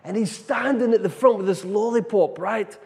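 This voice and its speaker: High-voiced preacher man in an echoing hall. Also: normal speed, creaky. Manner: animated storytelling, keeps tagging "right?". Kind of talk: storytelling sermon. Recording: long reverb of a large hall.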